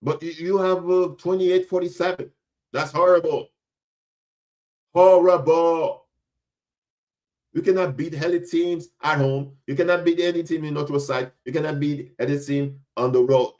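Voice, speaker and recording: A man's voice: on the high side, flat delivery, fairly quick, few pauses, darkish tone. A young adult man from Florida hosting a podcast, giving casual sports commentary in a blunt, emphatic way, often repeating himself for effect. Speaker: podcast host.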